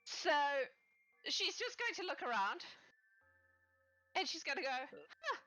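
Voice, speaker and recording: A woman's voice: very high voice, sing-song, measured pace, sharp tone, no room sound, soft background music. A woman running a tabletop game as game master, narrating playfully and laughing often.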